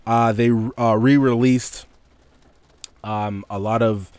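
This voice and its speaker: A man's voice: mid-range voice, steady tone, slow, a little mellow, smooth, dry recording. A young man hosting a casual solo podcast, ranting in an exasperated, profane way and laughing between points. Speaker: podcast host. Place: indoors with heavy rain outside.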